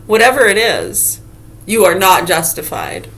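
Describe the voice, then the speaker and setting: A woman's voice: mid-range voice, wildly swooping pitch, a little slow, fairly bright tone, slight background noise. A middle-aged woman vlogging in a casual, sarcastic rant full of swearing. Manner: profane, sarcastic, heated. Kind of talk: casual ranting monologue.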